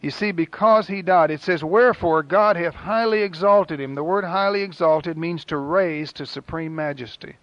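A man preaching a sermon in an earnest, rhythmic way with dramatic pauses. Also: on the high side, dry recording. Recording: dull, lo-fi dry recording.

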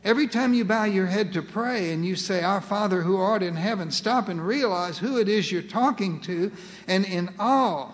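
A man with a high voice preaches a sermon as pastor. He speaks earnestly, slowing for emphasis and repeating his key phrases. His voice trails off into the long reverb of a large hall.

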